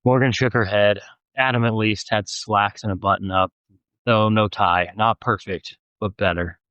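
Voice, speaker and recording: A man narrating a fantasy audiobook in a steady, plain reading voice. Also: lowish voice, normal speed, clean tone, no echo, muffled recording.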